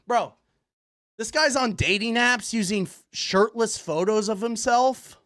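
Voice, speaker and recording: A man's voice: very high-pitched, animated, measured pace, bright, forceful tone. A man hosting a livestream, giving profane, incredulous commentary as he reacts to online posts. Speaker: livestream host.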